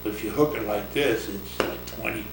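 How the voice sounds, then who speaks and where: A retired baseball pitcher and coach, an older man with a lowish voice, tells rambling stories at normal speed in a casual interview, chuckling often and imitating other people's voices. The mic is distant in an echoey room, with clear background noise.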